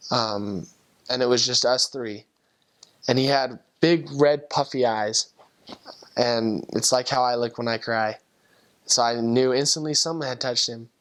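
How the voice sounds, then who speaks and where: A man's voice: mid-range voice, fairly even intonation, unhurried, a bit bright. A young man, a former missionary, earnestly tells a personal conversion story and acts out the voices of the people in it. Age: young adult. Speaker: returned missionary.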